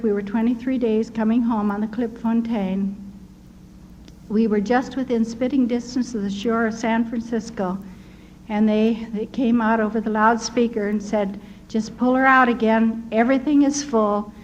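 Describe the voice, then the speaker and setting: An older American woman earnestly recounting personal wartime memories in a tender, animated storytelling manner, with a slightly dull recording and faint hiss. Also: fairly high pitch, moderate pace. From United States. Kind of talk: personal testimony.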